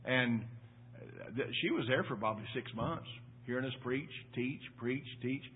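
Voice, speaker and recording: An older man preaches to his congregation in a husky voice, climbing to loud emphatic peaks, then dropping to low quiet asides. He repeats phrases for emphasis and keeps checking in with the room. The sermon is heard through tinny, phone-like audio. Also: normal speed. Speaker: pastor. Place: church.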